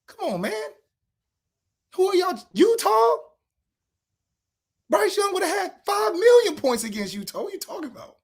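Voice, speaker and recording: Male podcast co-host, high and very animated voice, sarcastic trash-talk rant. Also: husky. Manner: trash-talking, sarcastic, fires rhetorical questions; shouts at peaks.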